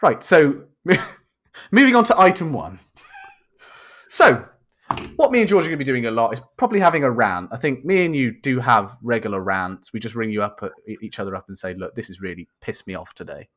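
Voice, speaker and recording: A man's voice: medium pitch, expressive, brisk, a bit bright. A young man co-hosting a podcast, chatting casually in a jokey, sweary, mock-grand way. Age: young adult. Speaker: podcast co-host. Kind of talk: casual chat.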